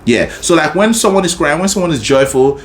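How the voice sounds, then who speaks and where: A man's voice: a little high, brisk, a little hiss or hum. A man teaching a singing lesson, explaining techniques and breaking into short sung demonstrations, often checking in with "right?". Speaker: vocal coach.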